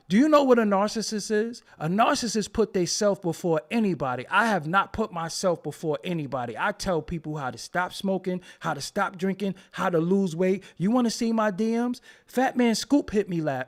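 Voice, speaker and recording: A man's voice: sits high, animated, moderate pace, few pauses. A man hosting his own show, ranting live to his chat in a mocking, profane way and laughing often. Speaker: show host. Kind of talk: live-stream rant answering chat.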